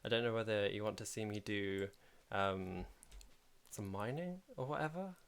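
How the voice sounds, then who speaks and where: A man's voice: on the low side, normal speed, slight background noise. A man hosting a casual game livestream, talking in a chatty, rambling way and laughing often while he plays. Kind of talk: casual live commentary while playing.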